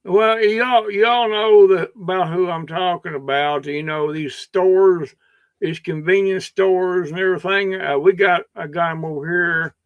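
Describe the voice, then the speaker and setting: A man's voice: sits high, unhurried, clean tone, no room sound, phone-quality sound. A man with a Kentucky accent hosting a livestream in rambling casual chat, his throat a bit scratchy, drawling and meandering with many restarts. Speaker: livestream host.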